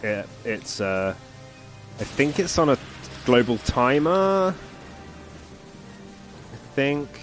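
A man's voice: mid-range voice, very animated, slow, long pauses, soft background music. A man streaming a game, chatting casually, laughing often and reading the story text aloud.

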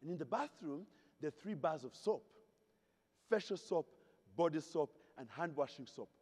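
A man's voice: fairly high pitch, lively intonation, normal speed, a little mellow, husky. A man from Zaire giving a humorous storytelling keynote, playfully asking the audience questions, in a hotel ballroom at a convention. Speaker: keynote speaker. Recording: reverberant convention hall.

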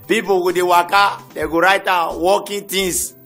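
A Nigerian man doing a stand-up comedy routine in Nigerian Pidgin English, animated and shouting out his punchlines. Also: high-pitched, moderate pace, gravelly. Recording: comedy CD with music behind.

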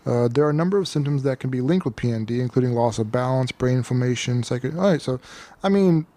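A man's voice: mid-range voice, quick pace, warm tone. A man co-hosting a comedy podcast, reading a news item aloud and then joking about it in casual chat. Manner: reads news aloud, then jokes and laughs. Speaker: podcast co-host.

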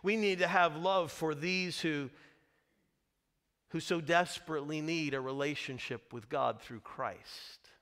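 A man pastor preaching a sermon, telling a story with lively, dramatic delivery and acted-out voices. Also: fairly high pitch, a little slow. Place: church.

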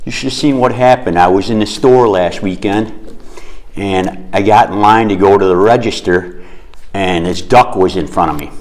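A man's voice: fairly low pitch, normal speed. Man rambling through a joke. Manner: rambling, storytelling. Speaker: school staff member hosting a segment. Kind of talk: casual joke telling.

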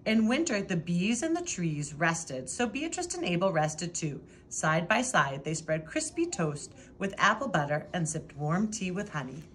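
A woman reading a children's picture book aloud in a lively, expressive way. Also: fairly low pitch, a little slow, hardly any pauses, slight background noise. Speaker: storybook reader.

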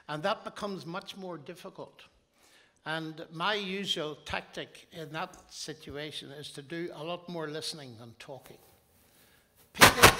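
An older man with a Northern Irish accent, speaking in a measured, reflective way on a conference panel. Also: sits high, pushed and bright. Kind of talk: panel discussion.

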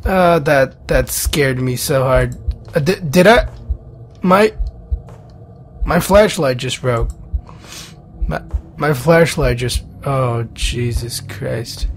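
A man's voice: mid-range voice, slow, long pauses, faint music behind. A young man with a cold, nervously commenting on a horror game, yelping and swearing at scares. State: sick, rough-sounding voice. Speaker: gaming YouTuber.

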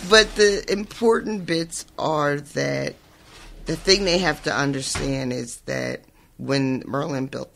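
A man's voice: mid-range voice, vocal fry, a bit bright. Man recapping chapters with laughs. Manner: laughing, rambling summary with fillers. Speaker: podcast co-host. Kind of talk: casual book discussion chat.

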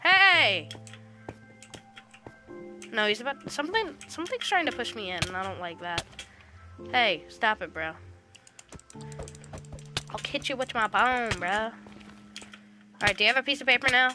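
A woman's voice: on the high side, lively intonation, moderate pace, pauses often, music in the background. A woman casually chatting while playing a game online, playfully trash-talking creatures in slangy speech. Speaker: gaming channel host. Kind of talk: casual let's-play chatter.

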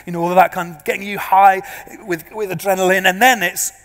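A man, a pastor preaching to a congregation, an animated and self-deprecating storyteller. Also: high voice, fast. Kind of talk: sermon with humorous storytelling. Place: large church before a congregation. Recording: long reverb of a large church.

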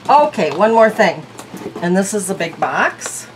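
A woman's voice: mid-range voice, sing-song, a little slow, slight background noise, low-quality recording. A woman reviewing beauty products in a casual vlog, chatty and thinking aloud. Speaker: beauty vlogger.

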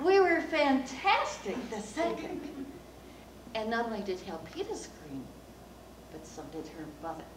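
A woman giving a speech at a speaking club, telling a childhood story in an animated way and acting out the quoted voices. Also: fairly high pitch, a little slow. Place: meeting room of a speaking club. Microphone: distant recorder. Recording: roomy, distant room recording with background hum.

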